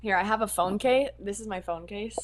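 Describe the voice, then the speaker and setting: A woman's voice: mid-range voice, brisk. A young woman being interviewed on a podcast, chatting in a bubbly, casual way and using "like" often. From Hawaii. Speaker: podcast guest.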